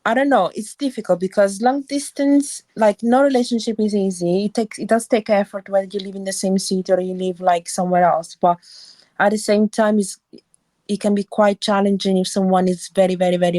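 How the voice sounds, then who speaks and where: A British woman from Cambridge speaks in a measured, thoughtful way, often restarting her sentences. Her voice sits at an ordinary middle pitch. The audio is dry and close, typical of a remote chat call. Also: fairly even intonation, warm tone, no echo. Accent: British English, Cambridge area. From England. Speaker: nurse, caller in an audio chat room. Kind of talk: casual chat.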